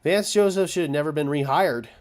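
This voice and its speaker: A man calls a football game play by play as a fan, his voice sitting a little high for a man. He sounds exasperated, venting about his team's defense between plays. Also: fairly quick, darkish tone. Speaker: fan commentator. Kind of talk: live play-by-play fan commentary.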